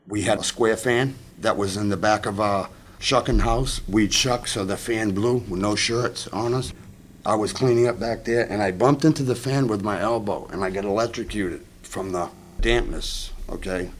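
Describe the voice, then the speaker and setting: Blunt low-voiced fisherman. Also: slight background noise. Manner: blunt, emphatic, acts out dialogue. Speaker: scalloper. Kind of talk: storytelling interview.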